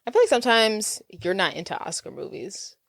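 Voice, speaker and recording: A woman's voice: medium pitch, expressive, fairly quick, vocal fry, a bit bright, dry recording. A woman co-hosting a movie podcast, playful and slangy in casual chat. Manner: playful, laughs often, slangy. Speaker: podcast co-host.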